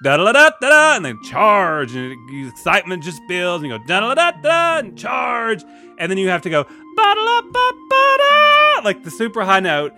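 A man's voice: high voice, expressive, brisk, creaky, pushed and bright, soft background music. A man telling a story animatedly, imitating trumpet sounds in comedy banter.

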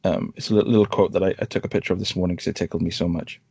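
Animated man reviewing films. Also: low voice, racing, gravelly, slightly rough, no echo, dull audio. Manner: animated, rambling, sarcastic asides. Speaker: podcast co-host. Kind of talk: casual film review chat.

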